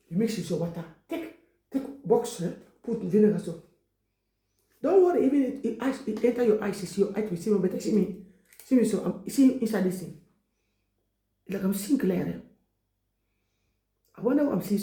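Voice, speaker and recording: A woman giving an informal exhortation, repeating herself, leaning on "you see" and breaking into loud prayer. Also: medium pitch, echoey room, poor audio. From Cameroon. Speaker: exhortation speaker.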